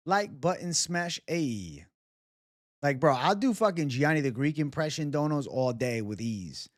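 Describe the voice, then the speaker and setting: Loose, profane livestream host. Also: male voice, mid-range voice, animated, normal speed, dry recording, studio quality. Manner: loose, profane banter with viewers. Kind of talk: casual live chat.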